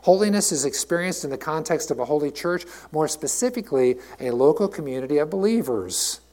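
A middle-aged man, a pastor preaching a sermon in a passionate, conversational way, swinging between loud emphatic lines and quiet asides. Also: on the high side, animated, a little fast.

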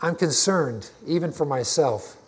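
A man's voice: a little high, animated, unhurried, husky. A man preaching a conversational, emphatic sermon to his congregation, often restarting his phrases. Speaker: pastor.

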